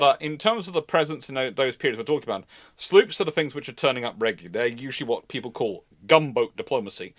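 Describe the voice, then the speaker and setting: A man hosting a live naval history stream, explaining things in a playful, animated storytelling way. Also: mid-range voice, no echo. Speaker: naval historian and channel host. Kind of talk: live-stream lecture chat.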